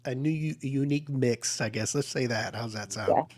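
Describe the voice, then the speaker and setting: A man's voice: medium pitch, normal speed, darkish tone. A man hosting a casual podcast interview who rambles and teases, with lots of "uh" and false starts. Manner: rambling and teasing, full of fillers and restarts. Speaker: podcast host.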